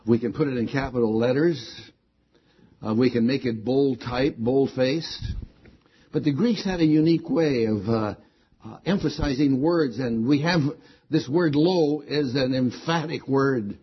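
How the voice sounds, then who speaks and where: A man's voice: medium pitch, a little slow, slightly rough, dull audio. A man preaching a sermon, stressing key words again and again with rising emphasis.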